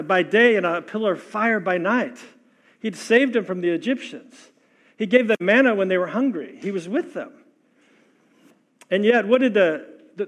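A man preaching a sermon in a conversational way, asking the congregation questions and repeating key lines for emphasis. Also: sits high. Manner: emphatic repetition. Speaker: pastor.

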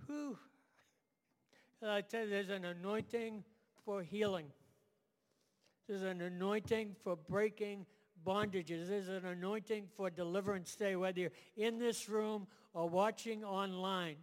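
A man's voice: high-pitched, fairly even intonation, unhurried, big-room sound. A man preaching a sermon to a room and online audience, emphatic, building phrases in repeated lists.

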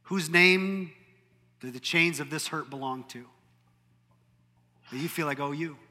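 A man preaching a sermon to a room, with dynamic delivery that swings between loud emphasis and hushed moments. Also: on the high side, measured pace. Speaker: pastor. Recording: long hall reverb.

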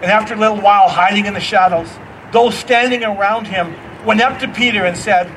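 A middle-aged man preaching a storytelling sermon as pastor, animated and acting out the voices in his stories. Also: high-pitched, fairly quick, distant mic, a little hiss or hum, poor audio.

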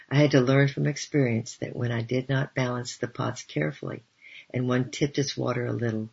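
A man reading a first-person memoir aloud, at a steady, even pace. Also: mid-range voice, vocal fry, husky. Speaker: audiobook reader. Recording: dull, lo-fi recording.

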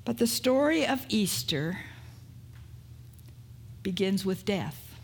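A woman pastor preaching a sermon, retelling a story in an unhurried way and asking rhetorical questions. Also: medium pitch, animated, gravelly, slightly rough.

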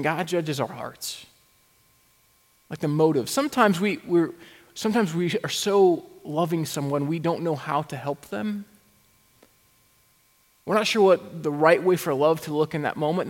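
A male pastor delivers a sermon in a slightly raised register, mixing rhetorical questions with wry, self-aware asides. The sound carries a long, lingering reverb, as if picked up in a large church sanctuary. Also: a little high.

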